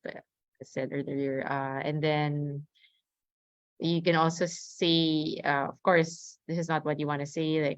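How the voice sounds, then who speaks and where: A woman's voice: low-pitched, fairly even intonation, a little slow, dry recording. A young woman speaking earnestly at a webinar about caring for her mother, with many fillers and restarts. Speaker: family caregiver sharing experience. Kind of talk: webinar talk. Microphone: video call. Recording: dull lo-fi video call audio.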